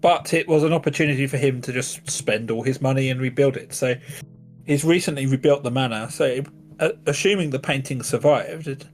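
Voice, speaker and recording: A man narrating as game master and voicing a royal character, talking in a hesitant, rambling way. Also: mid-range voice.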